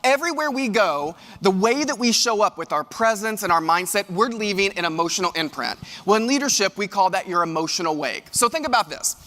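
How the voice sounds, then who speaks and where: Male keynote speaker, high bright voice, animated storyteller, big hall reverb. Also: a little fast, hardly any pauses. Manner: animated, addresses the audience directly. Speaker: keynote speaker and leadership coach. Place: large event hall.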